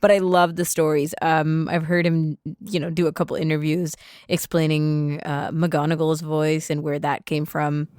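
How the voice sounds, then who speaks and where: A woman's voice: sits low, little pitch movement, normal speed, hardly any pauses, darkish tone, smooth, no echo, studio quality. A woman co-hosting a podcast, asking curious questions with enthusiasm in casual chat. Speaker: podcast co-host.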